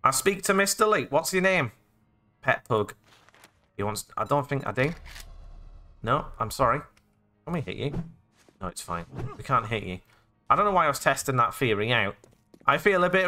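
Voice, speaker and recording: A man's voice: medium pitch, lively intonation, normal speed, long pauses, sharp tone, a little hiss or hum. A young British man giving goofy, profane gameplay commentary, narrating his own actions as he plays and breaking into sudden squeals. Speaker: let's play gamer.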